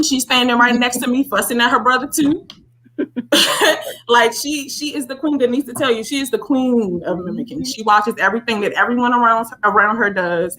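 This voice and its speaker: A woman's voice: a little high, a bit bright, slight background noise, low-quality recording. A mother talking in a casual group chat, emphatic and repeating her points for stress. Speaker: guest, mother.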